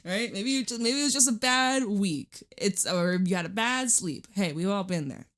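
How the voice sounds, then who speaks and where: A woman's voice: medium pitch, lively intonation, normal speed, fairly bright tone. A woman giving a casual tarot reading at home into a microphone, chatty and blunt, swearing and laughing often. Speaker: tarot reader. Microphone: studio microphone.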